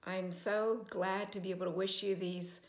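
A woman's voice: mid-range voice, level tone, moderate pace. A woman recording a heartfelt, emotional birthday message to a dear friend. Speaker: close friend giving birthday wishes. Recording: echoey room.

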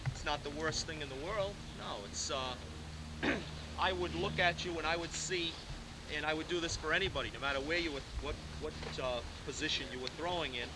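A man, a pitching coach, lecturing young players at a camp, checking in with "okay?" and calling them "guys". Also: fairly quick. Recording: loud hiss on an old 1980s lecture tape.

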